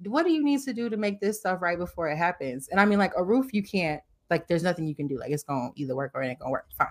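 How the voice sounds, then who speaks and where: Chatting casually with friends as a co-host, a woman with a lowish voice tells candid personal stories. She's animated, open, and fast.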